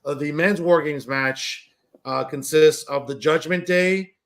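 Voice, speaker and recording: A man's voice: on the high side, measured pace. A man hosting a wrestling podcast, talking casually and rambling, with many fillers and restarts. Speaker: podcast host.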